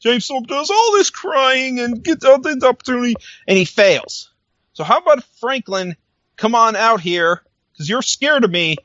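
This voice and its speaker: High-voiced man recapping wrestling, animated. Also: normal speed, no echo, highs cut off. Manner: animated, laughs often, acts out wrestlers' lines. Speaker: podcast co-host. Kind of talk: casual recap chat.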